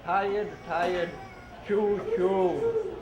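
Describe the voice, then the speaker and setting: High-voiced man reading train books to kids. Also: wildly swooping pitch, very slow. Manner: sing-song, repeats words, prompts kids to say sounds along. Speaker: storybook reader for children. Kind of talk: reading children's train picture books aloud. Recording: echoey room, dull lo-fi sound with noise.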